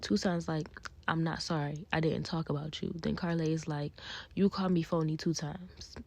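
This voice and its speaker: Chatty woman with a husky, mellow voice. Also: deep voice, steady tone, normal speed. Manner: chatty, blunt opinions, acts out cast quotes. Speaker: reality TV recap host. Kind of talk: casual recap commentary. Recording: dull lo-fi sound.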